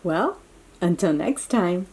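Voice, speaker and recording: A woman's voice: fairly low pitch, lively intonation, takes it slowly, a little mellow. A woman reading a picture book aloud to young children, with exclamatory, chatty asides to her little listeners. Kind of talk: read-aloud storytelling for children.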